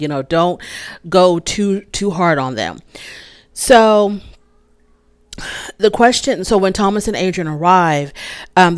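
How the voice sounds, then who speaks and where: A woman's voice: low-pitched, smooth, dry recording. An American woman hosting a casual solo recap of a reality show, chatty, retelling scenes and quoting what people said. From United States. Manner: chatty, recounts scenes with quoted lines.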